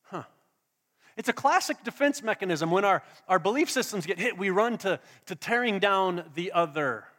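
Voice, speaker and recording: High-voiced pastor preaching in a reverberant hall. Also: male voice, animated, moderate pace, a bit bright. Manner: preaching with call-and-response and alliteration. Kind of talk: sermon. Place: church hall.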